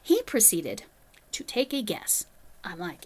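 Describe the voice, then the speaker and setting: Woman, casual storyteller, rambling and self-mocking, mid pitch. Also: sing-song, unhurried, breathy edge. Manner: chatty, rambling asides, self-deprecating. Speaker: crochet vlogger.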